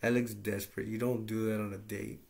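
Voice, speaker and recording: A man's voice: fairly low pitch, little pitch movement, fairly quick, creaky, darkish tone. A man casually recapping a movie plot in a rambling, plain-spoken way with lots of fillers. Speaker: movie reviewer.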